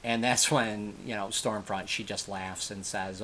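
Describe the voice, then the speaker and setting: A man with a lowish voice recaps a TV episode in loose, conversational fashion. He rambles, circles back and corrects himself as he goes. A faint hiss sits under the recording. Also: steady tone, measured pace, sharp tone. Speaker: TV episode reviewer. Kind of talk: casual spoken episode recap.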